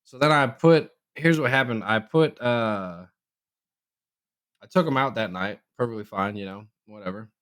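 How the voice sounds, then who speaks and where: Speaking at normal speed and smoothly, a young podcast co-host spins a casual story in an easygoing voice. Whenever he quotes someone, he animatedly leaps higher in pitch to play them, then returns to his regular tone.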